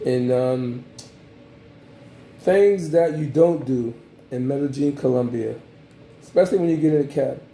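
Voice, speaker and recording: A man from the United States casually recapping his trip in a vlog, rambling and animated, with many fillers. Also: medium pitch, measured pace, creaky, long pauses, roomy sound, slight background noise. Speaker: travel vlogger.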